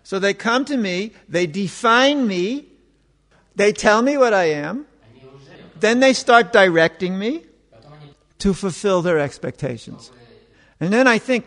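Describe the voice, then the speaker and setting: A man with a high voice gives an informal spiritual talk. He speaks conversationally and acts out the voices of the people he quotes, sometimes rising in exasperation. Long reverb trails his words in a hall. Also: lively intonation, unhurried, long pauses, fairly bright tone. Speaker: spiritual teacher.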